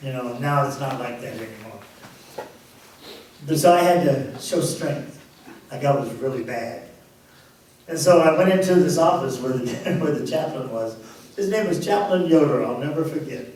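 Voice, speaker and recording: A man's voice: mid-range voice, expressive, moderate pace, a little mellow. A pastor telling his personal testimony, a man recounting the story with laughs between phrases. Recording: very echoey, distant microphone.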